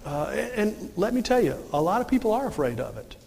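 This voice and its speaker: Guy preaching a sermon, folksy, throws questions and answers them, high voice, long echo in a church. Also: very animated, a little fast, vocal fry, darkish tone. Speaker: pastor.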